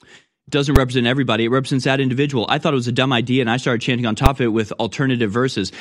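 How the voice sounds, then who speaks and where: A man's voice: medium pitch, steady tone, rapid-fire. Sarcastic male talk radio host. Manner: sarcastic, mocking, trailing off mid-sentence. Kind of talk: opinionated commentary reading news.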